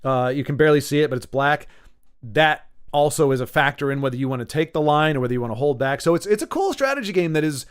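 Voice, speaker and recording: A man gives relaxed gameplay commentary, thinking out loud as he plays. His talk is chatty and wanders off on tangents, in a voice pitched a little high. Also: fast talker, smooth. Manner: chatty, digressive, thinks aloud. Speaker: gaming YouTuber.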